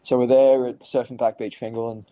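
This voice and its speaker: Dark-voiced Australian man telling stories. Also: mid-range voice, flat delivery, fairly quick, no room sound, rough recording. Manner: laid-back, swears freely, lots of fillers. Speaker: podcast guest. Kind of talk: casual storytelling.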